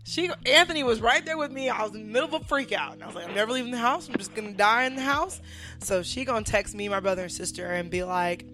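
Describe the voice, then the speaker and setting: A woman's voice: fairly high pitch, fast, bright, forceful tone, soft background music. A young woman hosting a podcast in casual chat, a little drunk, laughing often and swearing freely. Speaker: podcast host.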